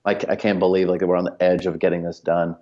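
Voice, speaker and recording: A man's voice: low voice, little pitch movement, fast talker, darkish tone, muffled recording. A man, a company cofounder, telling a long anecdote casually as a podcast guest, full of fillers and quoted dialogue. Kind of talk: casual storytelling.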